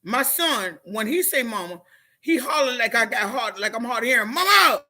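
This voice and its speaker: A woman's voice: on the high side, moderate pace, bright, forceful tone. A middle-aged woman and motivational speaker, telling her story on a live stream and speaking straight to viewers in a heartfelt, preachy way. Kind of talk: emotional live-stream testimony.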